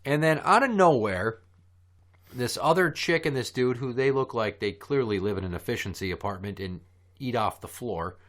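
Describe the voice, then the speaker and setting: A man's voice: medium pitch, normal speed. Foul-mouthed man telling a story. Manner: profane, animated storyteller. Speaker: podcast host. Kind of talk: casual storytelling chat.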